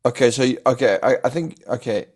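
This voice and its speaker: A man hosting a casual technical chat, hesitant and gravelly, trailing off softly. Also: mid-range voice, quick pace.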